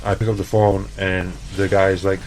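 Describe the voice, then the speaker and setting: A man from El Paso, a chef, telling stories in a loose, profane, animated way on a podcast. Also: sits low, moderate pace, a little hiss or hum, rough recording. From El Paso, Texas. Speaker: chef, interview guest. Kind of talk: casual storytelling.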